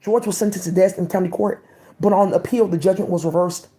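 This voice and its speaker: A woman reads old court records aloud in a soft, mellow voice of middling pitch. She keeps stopping to react in loose, slangy asides before going back to the text. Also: steady tone, brisk. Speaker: vlogger reading old court cases. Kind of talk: reading aloud with casual commentary.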